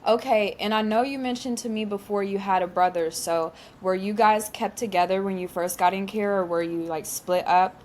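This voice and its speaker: A woman's voice: mid-range voice, normal speed, hardly any pauses, darkish tone. A woman hosting a podcast, asking questions in a friendly, curious, casual way with lots of "like" fillers. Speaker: podcast host. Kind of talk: casual interview chat.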